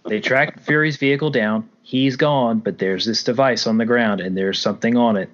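A man talks through a film plot as a podcast co-host, animated and casual with a few swear words thrown in. His voice sits in a middle register. The recording sounds a bit dull and lo-fi. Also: medium pitch, normal speed. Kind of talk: casual movie review chat. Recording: dull lo-fi audio.

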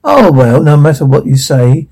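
A man's voice: fairly high pitch, big pitch swings, moderate pace, vocal fry, darkish tone, slightly rough, full character voice, rough recording. A man voicing a greedy, always-hungry wolf who wails and whines for more in a storybook reading. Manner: wailing, greedy.

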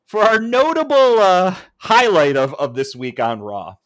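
Male podcast co-host, lively swinging pitch, dry close sound, laughs a lot and acts out what fans yell. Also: measured pace, dry recording. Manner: animated, laughs often, mimics fans mid-story. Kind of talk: casual wrestling podcast chat.

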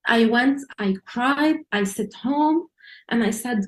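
A woman's voice: a little high, takes it slowly, reverberant. Earnest woman. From Lebanon. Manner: earnest, emotional storytelling with restarts and rising emphasis. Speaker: church leader. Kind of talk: personal testimony talk.

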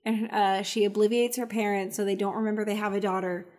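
A woman co-hosting a podcast in casual chat, chatty and quick to laugh. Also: mid-range voice, flat delivery, a little mellow. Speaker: podcast co-host.

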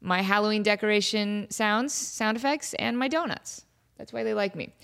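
A young adult woman hosting her podcast, telling stories in a casual, animated, self-mocking way, laughing often. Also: mid-range voice, moderate pace, creaky, smooth. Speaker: podcast host. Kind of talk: casual storytelling monologue.

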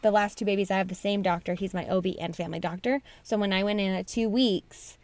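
A woman's voice: mid-range voice, fairly even intonation, fast, darkish tone, dry recording. A woman in her thirties co-hosting a casual chat, talking frankly and conversationally about her own experiences. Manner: frank, conversational, tells stories in runs of repeated phrases. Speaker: podcast co-host.

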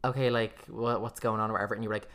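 A woman with a very deep, low voice hosts a podcast. She talks fast, chatty and casual, nudging her guest along with questions. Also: little pitch movement, fairly bright tone. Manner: chatty, prompting questions with fillers. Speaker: podcast host. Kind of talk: casual chat.

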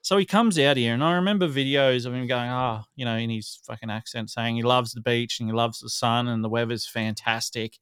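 A man's voice: medium pitch, fairly quick, hardly any pauses, fairly bright tone, clear, resonant tone, dry recording, clean studio sound. A man co-hosting a casual sports podcast, ranting bluntly with heavy swearing. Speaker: podcast co-host.

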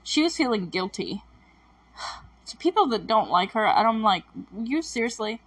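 A woman's voice: medium pitch, big pitch swings, normal speed, slightly rough. A woman recapping a TV episode in a chatty, emotional way, with lots of fillers and self-corrections. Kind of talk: casual recap commentary.

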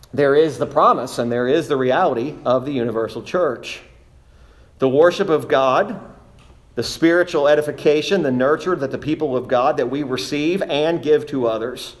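Earnest male pastor preaching. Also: fairly high pitch. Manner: earnest, reads scripture in King James wording. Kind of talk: sermon.

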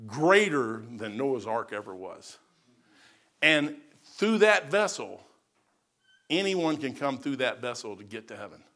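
Preaching a sermon, a middle-aged man alternates soft, low-voiced sections with loud bursts of shouting.

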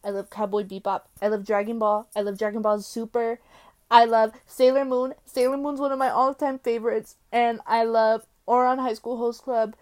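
A woman from the United States hosting her own podcast in a casual solo chat, rambling and excitable as she jumps between topics with many fillers. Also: fairly high pitch, moderate pace. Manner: swings between loud exclamations and quiet mumbling. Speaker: podcast host.

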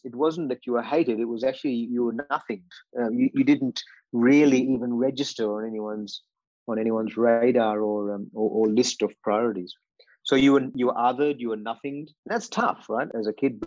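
A man's voice: medium pitch, a little mellow, no echo, muffled recording. A man in his sixties who grew up in England, a podcast guest earnestly recounting his childhood with many fillers and restarts. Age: 60s. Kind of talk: reflective personal storytelling.

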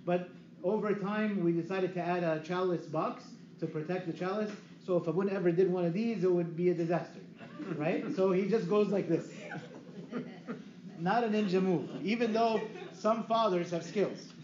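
A man preaching a teaching sermon, lively and asking his listeners questions he then answers himself. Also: high-pitched, normal speed. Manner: lively, asks the audience questions and answers them. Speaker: priest. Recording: echoey room, dull lo-fi sound, faint hiss.

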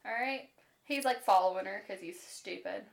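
A woman co-hosting a podcast, casually retelling book plots in an animated, chatty way, full of "like" and casual swearing. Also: medium pitch, moderate pace, vocal fry. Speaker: podcast co-host. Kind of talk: casual chat about books.

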